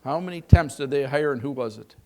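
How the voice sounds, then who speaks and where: A man's voice: medium pitch, brisk, warm tone. An older man giving a live keynote on the economy, folksy and joking, asking the audience questions. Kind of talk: live keynote talk with anecdotes.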